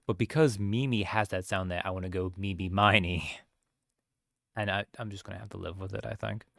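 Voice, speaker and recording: A man's voice: low-pitched, fairly even intonation, brisk, vocal fry, fairly bright tone, no echo, studio quality. A man casually commenting while playing and reading a game aloud, rambling and self-mocking. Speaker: let's play streamer reading all parts. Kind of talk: casual let's play commentary.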